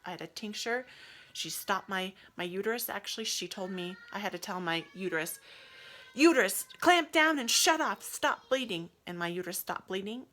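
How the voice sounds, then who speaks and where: A young adult woman telling her own birth story with feeling, acting out what was said and dropping to soft whispers. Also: lowish voice, slight background noise. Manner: animated, acts out quotes, swings to soft whispers. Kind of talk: emotional personal storytelling.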